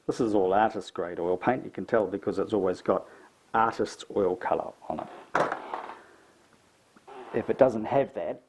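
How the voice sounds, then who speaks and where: A middle-aged man with a New Zealand accent, chatting and thinking aloud as he paints a landscape, self-mocking and relaxed. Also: fairly low pitch, normal speed, pauses often, very noisy. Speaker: painting tutor. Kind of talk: casual painting tutorial.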